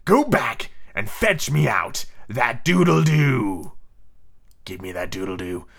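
A man's voice: mid-range voice, big pitch swings, slow pace, creaky, fairly bright tone, exaggerated voice. A man doing Captain Hook, steely menace. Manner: purring, silky menace. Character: menacing male pirate captain, steely and purring. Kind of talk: storybook reading aloud.

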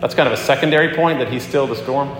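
A man preaching a sermon as a pastor, talking in a conversational, animated way as he tells a story and acts out the quotes. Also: medium pitch, rapid-fire, a little hiss or hum. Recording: echoey hall with long reverb.

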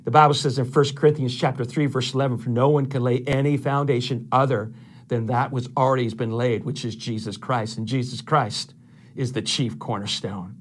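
A man's voice: medium pitch, steady tone, brisk. Emphatic middle-aged male pastor preaching. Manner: emphatic, repetitive preaching with numbered points. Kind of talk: sermon.

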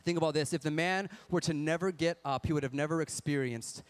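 A man's voice: fairly high pitch, fairly quick, clean tone. A man preaching a sermon in an earnest, conversational way, asking rhetorical questions and acting out people's excuses. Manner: acts out excuses in a whiny voice.

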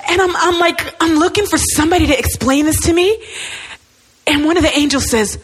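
A middle-aged woman giving a personal testimony message, telling her story with animated, self-mocking energy. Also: fairly quick. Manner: animated storytelling, swings into high excited self-mockery. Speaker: speaker.

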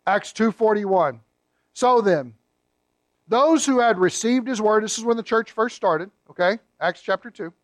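A man preaching a sermon as pastor, teaching emphatically, reading scripture slowly with stress and turning to the congregation with conversational asides. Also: sits high, lively intonation, dry recording.

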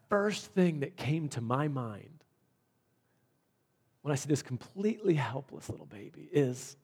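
A man's voice: on the high side, animated, unhurried, vocal fry, long pauses, darkish tone, husky. A man preaching a sermon, telling a personal story in an earnest way with frequent restarts. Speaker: pastor.

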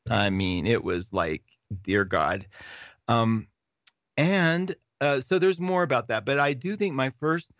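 A man's voice: mid-range voice, lively intonation, takes it slowly, fairly bright tone, no echo, muffled recording. A middle-aged man hosting a casual live chat, reading viewer comments and rambling through stories with restarts and laughs.

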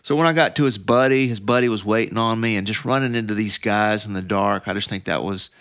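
A man's voice: lowish voice, fast, a bit bright, dry recording, studio quality. A middle-aged man, a podcast guest, telling a story casually with many fillers and restarts.

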